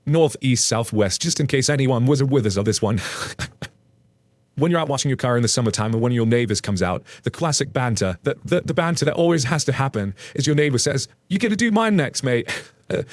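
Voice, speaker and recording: A man's voice: medium pitch, darkish tone, no echo. A British man casually reading out and joking about online posts, chatty and laughing often. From United Kingdom. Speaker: reddit story reader.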